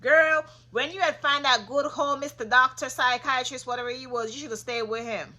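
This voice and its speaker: A woman casually recapping a reality show, sassy and opinionated, getting loud when she gets passionate. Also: sits high, fairly even intonation, fairly quick.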